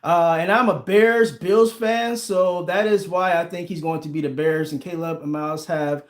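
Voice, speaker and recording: Male livestream host, 40s, high-pitched, laughs and banters with chat, echoey room. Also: fairly even intonation, normal speed. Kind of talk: casual livestream chat, reading viewer comments. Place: home room with a team flag behind.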